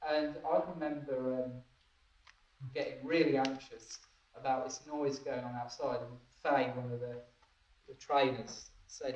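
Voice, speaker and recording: A man's voice: mid-range voice, level tone, a little slow, a little mellow. A man giving a training talk, often laughing and checking that his listeners follow. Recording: echoey room, distant dull mic.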